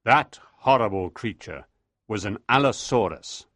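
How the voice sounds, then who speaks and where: A man's voice: lowish voice, expressive, unhurried, fairly bright tone, no room sound, studio quality. A man playing a stubborn, lecturing professor. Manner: assertive, lecturing. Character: proud, stubborn older male professor.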